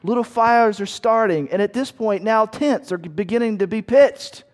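A man's voice: high-pitched, normal speed. A man preaching, leading listeners through a vivid battle scene in the second person. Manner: vivid second-person storytelling, shouting quoted commands. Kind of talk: sermon illustration.

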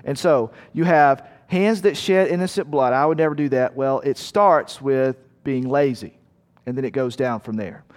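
A man's voice: mid-range voice, moderate pace, a little mellow, big-room sound. A man preaching a sermon in a conversational way, asking his listeners rhetorical questions. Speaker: pastor.

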